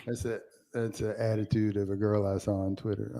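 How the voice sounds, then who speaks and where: A man co-hosting a sports podcast, chatting casually and telling stories with animated quoted voices. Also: fairly low pitch, brisk, gravelly. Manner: animated storyteller, acts out quotes. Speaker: podcast co-host. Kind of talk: casual sports chat, storytelling.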